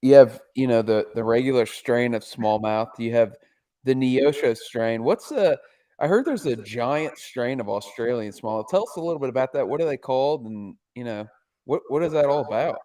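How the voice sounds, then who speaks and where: A man's voice: mid-range voice, normal speed, dark tone. A man co-hosting a podcast who asks questions in a loose, playful, chatty way. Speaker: podcast co-host. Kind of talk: casual comedic podcast chat.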